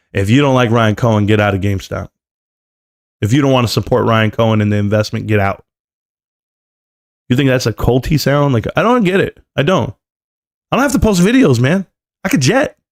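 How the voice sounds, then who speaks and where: A middle-aged man rants on a home live stream with a mid-range voice that jumps up when he gets worked up. He talks straight at his chat in a loose, animated way. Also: medium pitch. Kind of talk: casual live-stream rant.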